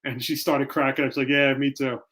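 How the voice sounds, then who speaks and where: A man chats on a casual podcast. He tells stories in an animated way and acts out what people said. His voice sits at an ordinary middle pitch. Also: a little fast. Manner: animated storytelling, acts out quoted lines. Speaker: podcast co-host. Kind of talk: casual chat.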